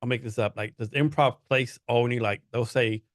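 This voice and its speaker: A man's voice: mid-range voice, fairly even intonation, moderate pace, no echo, clean studio sound. A man hosting a podcast in casual chat, asking long rambling questions full of fillers. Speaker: podcast host.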